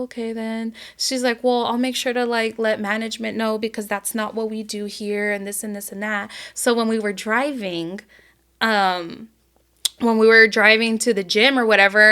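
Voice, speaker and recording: Bright-voiced woman telling a story. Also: on the high side. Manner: animated storytelling with lots of swearing and quoting. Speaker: podcast co-host. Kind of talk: casual chat.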